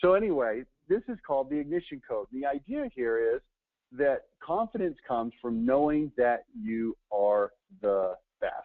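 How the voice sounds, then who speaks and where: A man's voice: mid-range voice, very animated, normal speed, dry recording. A man giving a marketing lesson on a webinar, telling a story with many fillers and restarts. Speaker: marketing trainer. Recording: dry, phone-like audio.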